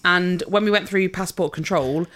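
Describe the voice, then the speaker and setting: A woman's voice: on the low side, moderate pace, a bit bright. A woman co-hosting a podcast, chatty and cheeky, laughing through her stories. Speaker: podcast co-host. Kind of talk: casual chat.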